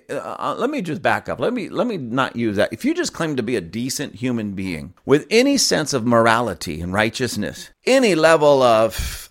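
A male pastor delivering a fiery, emphatic sermon, mocking and chuckling as he goes. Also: medium pitch.

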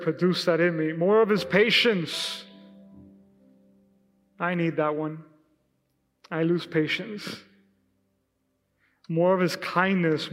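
High-pitched guy preaching casual sunday sermon, lots of acted-out bits, big reverby church hall with faint music. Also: fairly bright tone. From Hispanic heritage, Spanish speaker. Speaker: pastor.

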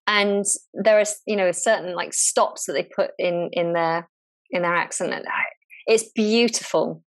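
A woman who teaches English, a guest in a relaxed interview, talking thoughtfully and often restarting her sentences. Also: lowish voice, moderate pace. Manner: thoughtful, frequent restarts and repeated words. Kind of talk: casual conversational interview.

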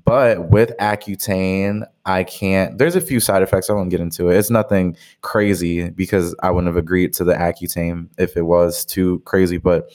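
Young male podcast co-host, very low voice, casual rambling delivery. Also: steady tone, normal speed, hardly any pauses, a little mellow. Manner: rambling, heavy use of "like". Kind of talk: casual chat.

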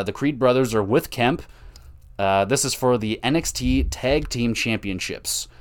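Young male podcast host, smooth voice, casual profane rambler who spikes into excitement. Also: medium pitch. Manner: rambling, profane, self-mocking, swings from mumbled asides to excited calls. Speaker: podcast host recapping wrestling. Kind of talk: casual solo recap commentary.

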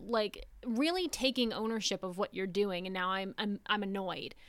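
Woman, casual myth storyteller, irreverent and profane, mid pitch, dry close sound. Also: fairly bright tone, no room sound. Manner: irreverent, swears, acts out gods' lines in quick voices. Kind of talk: casual storytelling about mythology.

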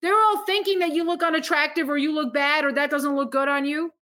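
A woman's voice: high voice, fairly even intonation, a little fast, pushed and bright. A woman from Montenegro, a comedian guest, telling stories earnestly and emphatically in casual podcast chat.

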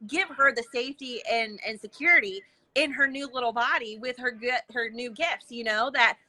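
A woman guest on a podcast, telling animated stories and acting out what people said, with lots of casual fillers. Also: on the high side, normal speed, low-quality recording. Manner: lively, acts out quoted dialogue with many fillers. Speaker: interview guest, intuitive coach. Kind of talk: animated conversational storytelling.

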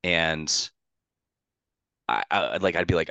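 Deep-voiced man telling a rambling story. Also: moderate pace, gravelly, sharp tone, dry recording, highs cut off. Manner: rambling, heavy on "like" fillers, candid and swearing. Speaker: podcast guest. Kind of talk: casual storytelling chat.

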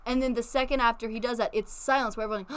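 A young woman co-hosting a casual chat podcast, chatty and giggly with quick asides. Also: on the high side, steady tone, noisy background. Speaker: podcast co-host.

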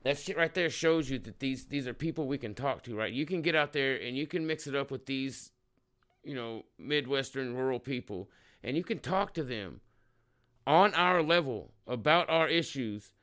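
Bright, profane ranting man. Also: mid-range voice, moderate pace. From Oklahoma. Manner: profane, heated, swearing freely. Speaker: show host. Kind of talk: ranting commentary on a clip.

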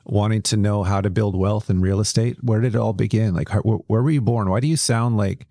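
A man hosting an interview podcast, friendly and quick to laugh, a little hesitant in his questions. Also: on the low side, warm tone, dry recording, clean studio sound. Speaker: podcast host. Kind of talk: casual interview chat.

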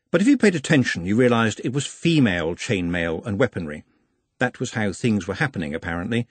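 A man reading an audiobook aloud in a wry, animated way. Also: medium pitch, slightly rough, dry recording. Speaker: audiobook narrator. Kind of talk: audiobook narration.

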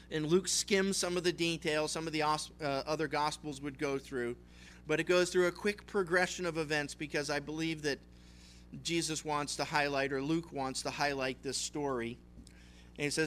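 Male pastor preaching casually, bright tense voice, acts out the story bits. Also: a little high, moderate pace, slight background noise. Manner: conversational, retelling scripture with acted voices. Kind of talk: expository sermon.

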